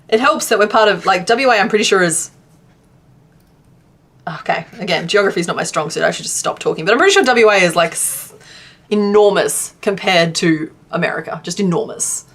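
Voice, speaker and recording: Her voice is medium in pitch, a little quick, and somewhat bright. She's a young woman from southwest Western Australia, with the local accent, who crochets on stream, reads chat, and jokes at her own expense with plenty of laughter.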